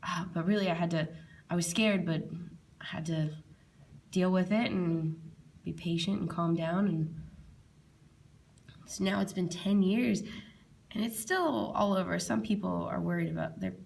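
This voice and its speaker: A woman interpreter voicing a signer's personal story in the first person, halting, with frequent restarts and repeated phrases. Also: fairly low pitch, gravelly, a little mellow.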